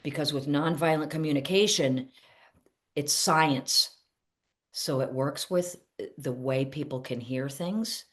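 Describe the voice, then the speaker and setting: A middle-aged woman therapist talks straight to camera in a loose, teaching way. Her voice sits fairly low, and she keeps slipping into lively quoted snippets of everyday exchanges. She laughs at herself as she goes. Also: takes it slowly. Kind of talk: casual teaching talk to camera.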